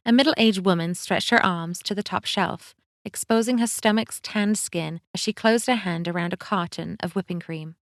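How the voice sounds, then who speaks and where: A woman narrating an audiobook in a calm, even storytelling read. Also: lowish voice, no echo, clean studio sound. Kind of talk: scripted narration.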